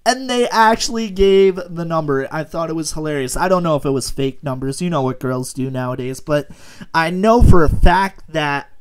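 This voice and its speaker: A man's voice: a little high, normal speed, clean tone. A young man, a gaming YouTuber, chatting casually and rambling, with frequent laughs and jokes. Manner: rambling, laughing often, joking. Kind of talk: casual commentary over gameplay.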